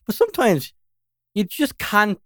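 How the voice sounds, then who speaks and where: A man's voice: high voice, wildly swooping pitch, a little slow, a bit bright, no echo, studio quality. A man co-hosting a podcast in a casual, rambling chat, forever checking in with "you know what I mean". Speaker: podcast co-host.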